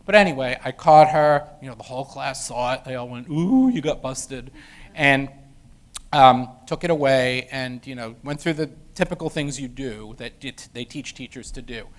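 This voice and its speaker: A middle-aged man of mid pitch tells a story from his classroom days in a lecture room. His talk is loose and conversational, full of "um"s, restarts and asides. It sounds like a professor speaking to an audience. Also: normal speed. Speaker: education professor.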